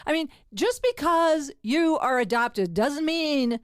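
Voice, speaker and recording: A woman's voice: sits high, lively intonation, takes it slowly, dry recording, clean studio sound. An older woman hosting a comedy podcast at home, chatting casually and laughing often. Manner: laughs often, self-deprecating.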